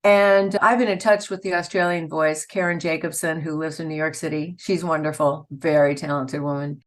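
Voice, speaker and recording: A woman who works as a voice actor appears as a guest in a casual interview, chatting, telling stories, and laughing often. Her voice is low-pitched with a steady tone, and she talks at a normal speed.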